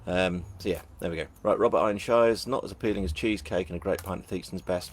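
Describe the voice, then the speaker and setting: A deep-voiced, middle-aged man with a Northern English accent talks fairly quickly as he works through viewer comments at a live book launch. He's casual and jokey and makes fun of himself, with slight noise in the background.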